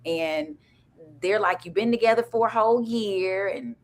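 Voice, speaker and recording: A woman co-host in casual podcast chat, lively, laughing often and quoting characters. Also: medium pitch, moderate pace.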